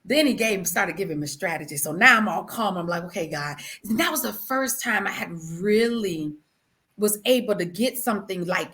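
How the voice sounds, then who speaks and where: A woman guest telling the story of her marriage with animation and feeling, calling her listener "girl" and dropping to hushed tones at solemn moments. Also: mid-range voice, lively intonation, normal speed. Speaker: guest sharing her testimony. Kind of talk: emotional personal storytelling.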